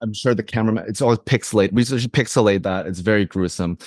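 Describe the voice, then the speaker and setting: A man's voice: fairly low pitch, a little mellow, dry recording, studio quality, lightly acted. A man playing a bumbling TV reporter. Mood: earnest. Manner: halting, stammering with many uhs. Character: bumbling male TV field reporter. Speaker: podcast co-host. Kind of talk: improvised comedy sketch.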